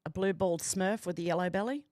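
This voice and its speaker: A woman from Australia hosts a casual livestream at home with the doors and windows open, reading viewer comments aloud in a chatty, amused way. Her voice sits on the low side with a darkish tone, and she talks quickly. The audio is clean, studio-like, and free of room sound.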